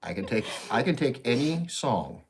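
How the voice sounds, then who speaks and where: A man's voice: mid-range voice, sing-song, moderate pace, slight background noise. A man co-hosting a casual rockhound livestream, joking and reading chat aloud.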